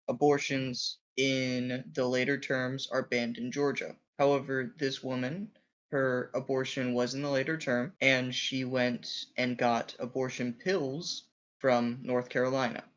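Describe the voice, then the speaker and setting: A male podcast co-host lays out a news story in a steady, step-by-step way. His voice sits at an ordinary middle pitch for a man. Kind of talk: political commentary chat.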